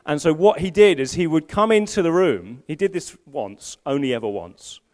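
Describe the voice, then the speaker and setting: A man's voice: a little high, lively intonation, moderate pace, a little mellow. A middle-aged man, a senior pastor preaching live at a church service, telling stories with self-deprecating humor and frequent restarts. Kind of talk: live sermon. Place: church service in a school hall.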